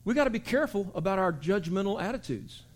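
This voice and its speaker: High-voiced preacher telling stories. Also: male voice, fast talker. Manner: animated storytelling preaching, acting out voices with big shouts. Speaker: pastor. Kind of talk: sermon.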